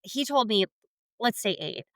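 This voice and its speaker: A woman co-hosting a podcast, telling stories in a casual, animated way and laughing often. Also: on the high side, moderate pace, no room sound. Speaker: podcast co-host. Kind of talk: casual chat.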